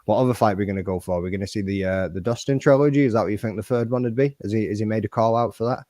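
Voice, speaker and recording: A fairly low-voiced man co-hosting a casual combat sports podcast. He talks bluntly, swears freely and calls people mate. The sound is close and dry. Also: rapid-fire, dark tone, no room sound. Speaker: podcast co-host. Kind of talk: casual MMA chat.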